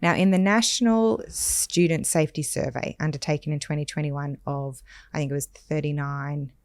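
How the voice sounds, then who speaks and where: A woman with a notably low voice talks through statistics on a podcast. She sounds measured and firm. The recording is dry and close. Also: steady tone, a little mellow, no room sound. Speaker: podcast host. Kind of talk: conversational podcast discussion.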